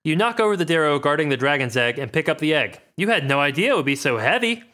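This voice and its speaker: A young man running a tabletop game, narrating with a bright, forceful voice. His pitch swings widely as he jokes his way through the story. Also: fast talker. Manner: animated, joking narration. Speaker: game master.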